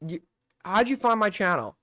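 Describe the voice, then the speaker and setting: A man's voice: sits high, sing-song, normal speed, pushed and bright. A young man hosting a live stream with call-ins, casual and mocking as he accuses a caller.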